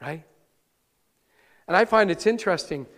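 A male pastor preaching a sermon live, earnest and animated, often restarting his words. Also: high voice, normal speed, long reverb tail. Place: church sanctuary, live-streamed service.

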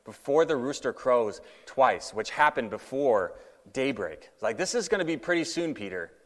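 A man's voice: mid-range voice, animated, moderate pace, fairly bright tone, big-room sound. A man preaching a casual sermon in a conversational way, with many fillers, acting out the quotes he tells.

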